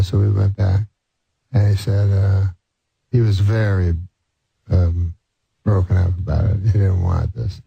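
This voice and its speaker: Gravelly, husky man telling a story. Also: sits low, warm tone, no echo, poor audio. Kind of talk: recounting a story in an interview.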